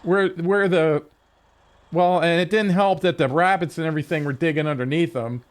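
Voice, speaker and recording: High-voiced man rambling, swearing. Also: steady tone, moderate pace. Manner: rambling, profane storytelling with restarts. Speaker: game streamer. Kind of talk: casual stream chat.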